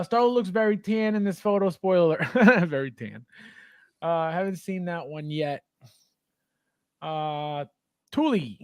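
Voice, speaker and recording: A man's voice: high voice, darkish tone, smooth, dry recording. A man hosting a casual podcast chat about collectible figures, chatty and thinking aloud with fillers. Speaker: podcast host.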